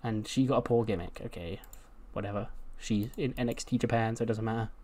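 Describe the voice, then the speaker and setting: A man's voice: on the low side, brisk, darkish tone. A man giving casual, sweary commentary on his game playthrough. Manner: chatty, sweary, acts out scenes. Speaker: game video host.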